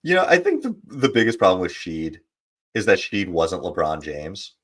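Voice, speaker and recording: A man's voice: sits low, huge pitch swings, normal speed, fairly bright tone. A man co-hosting a podcast, chatting casually about sports and telling stories with joking asides. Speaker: podcast co-host. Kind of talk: casual sports debate chat.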